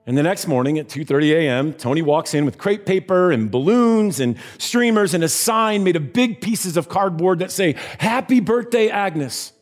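Man telling a story over soft music. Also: high-pitched, normal speed, hardly any pauses. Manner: animated storyteller, voices the characters. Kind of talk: sermon storytelling.

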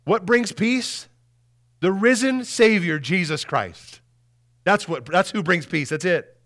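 A male pastor giving an Easter Sunday sermon in a casual, animated way, often repeating words and asking "right?", moving between loud emphasis and hushed lines. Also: sits high, takes it slowly.

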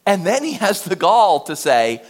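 A man preaching a sermon in an animated, emphatic, conversational way, often turning to the listeners with questions. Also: high voice, measured pace. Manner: animated, emphatic, conversational with frequent rhetorical asides.

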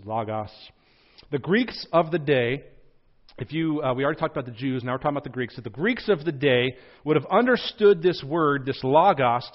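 A man in a church pulpit gives a teaching sermon in a slightly high voice. He spells words out and repeats points for those taking notes, slowing down and getting louder for emphasis. The recording sounds muffled and dull. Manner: slows and rises in volume for emphasis. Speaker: pastor. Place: church sanctuary.

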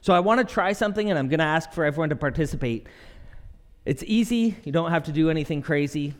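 A young man preaching a sermon, animated and expressive, acting out quotes with shifting pitch. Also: fast talker. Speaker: pastor. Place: church auditorium. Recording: long reverb of a large hall.

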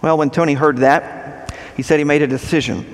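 A male preacher telling a story in a sermon with animated, dramatic delivery. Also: on the high side, fairly quick, big-room sound.

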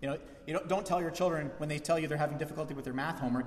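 A man preaching a sermon as pastor, lively and acting out the voices he quotes. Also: a little high, very fast, few pauses. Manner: animated, acts out quoted voices. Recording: echoey church hall.

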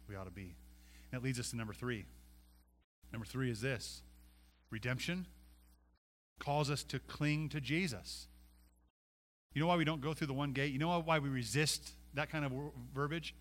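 A man preaching a sermon, pleading and animated, swinging from loud passion to hushed intensity. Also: mid-range voice, moderate pace, long pauses. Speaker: pastor.

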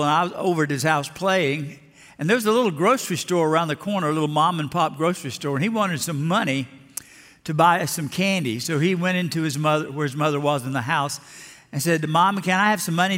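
An older pastor from Alabama preaching a sermon with a somewhat high voice. He tells homespun stories and acts out the voices in them, and a long reverb trails his words through the sanctuary. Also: fairly quick, a bit bright. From Lower Alabama. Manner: folksy storytelling, acting out voices in stories.

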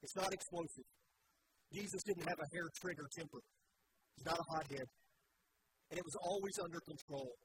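A middle-aged pastor with a high voice delivers his sermon in an earnest, conversational way, often turning to the congregation with questions. There is clear noise behind him in the recording. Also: normal speed, pauses often.

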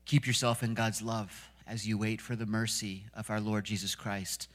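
A man's voice: on the low side, level tone, moderate pace, a bit bright. A man in his thirties preaching a sermon in a church, chatty and laughing often, then building to fervent emphasis. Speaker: pastor. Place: church stage with live band. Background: worship music playing.

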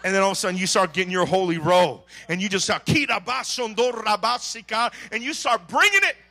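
A man preaching a sermon as pastor, swinging between quiet talk and shouted calls to the congregation. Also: high-pitched, big pitch swings, quick pace. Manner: preaches with sudden shouts and call-and-response.

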